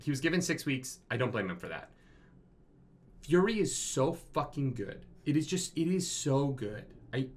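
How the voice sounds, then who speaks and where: A British man co-hosting a casual movie review chat, excitable and swearing freely, often laughing at his own jokes. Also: mid-range voice. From Britain. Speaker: co-host of a movie review show.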